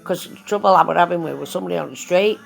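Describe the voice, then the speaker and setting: Rapid-fire and creaky, a woman's lowish voice carries a blunt, slang-heavy, sweary story that she chats into her phone. This casual storytelling monologue by a vlogger has faint music behind it.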